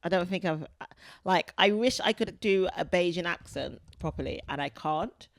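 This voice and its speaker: South London woman comedian, gravelly voice, laid-back chat. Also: fairly low pitch, moderate pace, no echo, studio quality. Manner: relaxed, fillers of 'like', laughs easily. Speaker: comedian and guest. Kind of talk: casual podcast chat.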